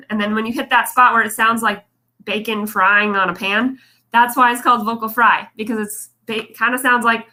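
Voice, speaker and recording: A young adult woman teaching voice care in a relaxed livestream, talking to viewers in a chatty, encouraging way. Her voice is bright and sits a little high. She sounds like she is speaking into a phone or webcam. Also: normal speed. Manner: chatty, encouraging, demonstrates vocal fry. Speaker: vocal coach. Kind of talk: casual livestream lesson.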